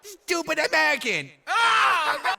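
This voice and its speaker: A man's voice: very high voice, big pitch swings, unhurried, gravelly, shouting, noisy background, full character voice. A man playing a sneering, mocking figure who jeers at Americans.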